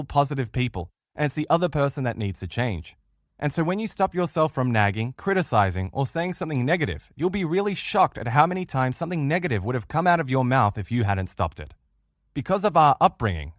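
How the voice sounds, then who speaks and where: Male course instructor, mid pitch, very animated delivery, dry close mic. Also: a little fast, no echo. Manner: animated, acts out quoted voices of others. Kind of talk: recorded audio lesson.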